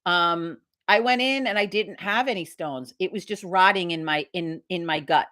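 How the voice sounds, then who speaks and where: A woman's voice: fairly low pitch, normal speed, a bit bright. A woman hosting a casual live stream, telling a story bluntly and animatedly with a lot of swearing. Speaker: livestream host.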